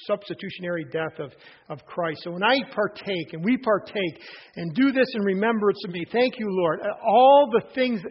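Husky high-voiced preacher, lo-fi sound. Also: male voice. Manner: earnest preaching with frequent restarts and emphatic pauses. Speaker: pastor. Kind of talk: sermon.

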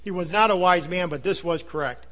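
A man preaching a sermon, earnest and emphatic, sometimes dropping to a low hush. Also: fairly quick. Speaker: pastor.

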